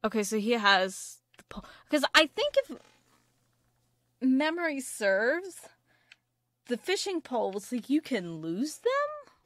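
A woman's voice: high voice, very animated, slow pace, pauses often, fairly bright tone, dry recording. A woman giving casual, rambling let's-play commentary while playing a video game, full of fillers and restarts. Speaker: gaming video creator.

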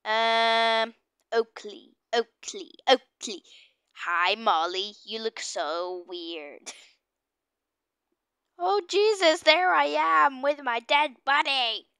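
A woman with a high, bright voice talks through a game with excitable, panicky commentary and keeps repeating her exclamations. Her delivery is very slow and drawn out, and the recording sounds dry and close. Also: smooth, no echo. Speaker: gamer.

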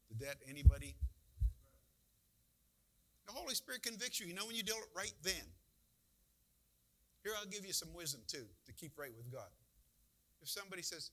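A man's voice: high voice, animated, fairly quick, long pauses, bright, forceful tone, poor audio. A man pastor giving a folksy, conversational sermon with emphatic bursts.

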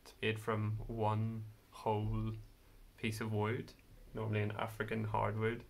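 Low, flat-voiced man explaining casually. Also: a little slow, vocal fry. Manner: hesitant, casual with many fillers. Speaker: video host. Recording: faint background noise.

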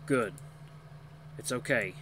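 A man voicing a gentle male gray wolf creature who talks softly and slowly to calm someone down. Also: medium pitch, background noise, natural voice. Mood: soothing. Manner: soft, slow, soothing pleading.

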